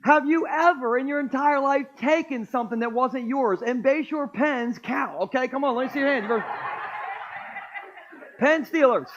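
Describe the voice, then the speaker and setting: High-voiced joking pastor, dull recording. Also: male voice. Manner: joking, playful, crowd-engaging. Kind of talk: sermon. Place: church auditorium.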